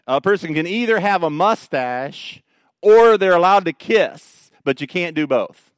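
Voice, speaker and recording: Animated pastor preaching. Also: male voice, high voice, unhurried, clean tone, no echo, studio quality. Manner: animated, joking storyteller who mocks the Pharisees. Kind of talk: sermon.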